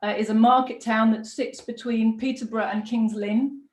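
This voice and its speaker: A woman's voice: a little high, fairly even intonation, normal speed. A middle-aged woman hosting a political broadcast, talking in a passionate, emphatic, conversational way. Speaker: party deputy leader hosting a live broadcast. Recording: echoey room.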